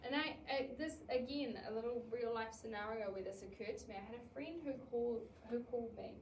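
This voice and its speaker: A New woman with a fairly high voice gives an animated childcare talk, acting out everyday scenes. She sounds set back from the mic in an echoey room. A faint hiss sits under her voice. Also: brisk, far from the mic. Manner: animated, acts out scenarios in quoted voices. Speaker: early childhood educator.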